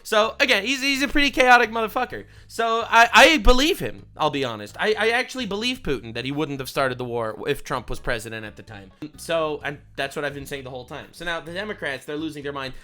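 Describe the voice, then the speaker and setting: A young man hosting a profane, animated reaction commentary vlog, ranting as he talks. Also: fairly high pitch, quick pace. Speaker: online commentator.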